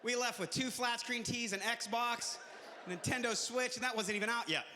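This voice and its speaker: A man's voice: very high voice, moderate pace, sharp tone, big-room sound, a little hiss or hum. A male comedian performing a stand-up set, punchy and chatty with the crowd.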